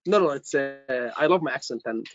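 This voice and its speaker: A man's voice: mid-range voice, lively intonation, fairly quick, a bit bright, lo-fi sound, soft background music. A man tutoring students for a medical exam, emphatic and repeating his words. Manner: emphatic, repeats words, says "brother" often. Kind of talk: online teaching session.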